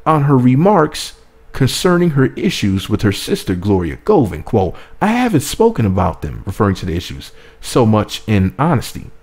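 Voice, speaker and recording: A man's voice: medium pitch, a little mellow. Man reading gossip with profane asides. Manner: profane, playful and irreverent, keeps interrupting himself. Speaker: gossip commentator reading an article. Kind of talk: reading an article with off-script comedic asides.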